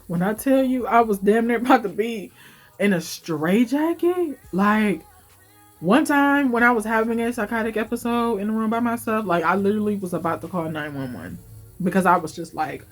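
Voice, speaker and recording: A woman's voice: medium pitch, normal speed, faint music behind. A woman in her late twenties giving an emotional, heartfelt life update in her vlog, talking in a casual, confiding way. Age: late 20s. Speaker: vlogger.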